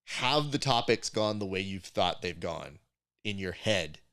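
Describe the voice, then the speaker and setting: A man in his forties hosting a casual chat, an animated storyteller who acts out the voices in his anecdotes. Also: low-pitched, unhurried, no room sound, studio quality. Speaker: podcast host.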